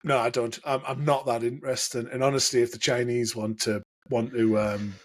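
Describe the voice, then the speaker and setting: A man's voice: medium pitch, flat delivery, moderate pace. A man co-hosting a podcast, chatting casually and joking, laughing often. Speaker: podcast co-host. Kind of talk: casual chat.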